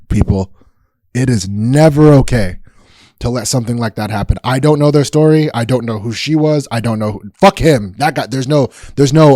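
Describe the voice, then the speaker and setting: A man's voice: medium pitch, warm tone, no room sound. A man hosting a podcast, telling a story in a casual, rambling and profane way with sudden emphatic outbursts. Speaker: podcast host.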